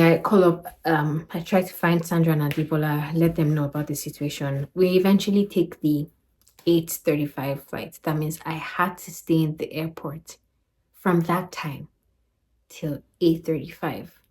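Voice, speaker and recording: A woman's voice: deep voice, normal speed. A young Nigerian woman with a Nigerian accent, recounting her travels in a casual vlog and acting out the people she quotes. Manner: animated retelling, acting out quoted voices. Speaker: vlogger.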